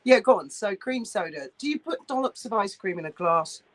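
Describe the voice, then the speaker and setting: Woman swearing a lot, blunt and mocking, voice all over the place pitch-wise. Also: expressive, a little fast, low-quality recording. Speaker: co-host. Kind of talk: casual chat.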